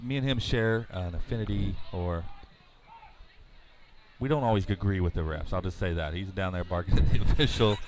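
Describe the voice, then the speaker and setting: A man giving color commentary on a high school football game in a relaxed, conversational way. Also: moderate pace.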